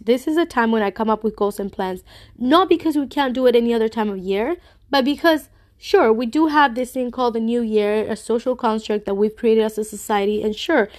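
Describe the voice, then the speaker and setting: A woman's voice: fairly high pitch, a little mellow. A woman from the US hosting a casual solo talk, earnest and reassuring, with a stuffy, congested voice. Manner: reassuring, earnest, speaks to listeners directly. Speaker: podcast host.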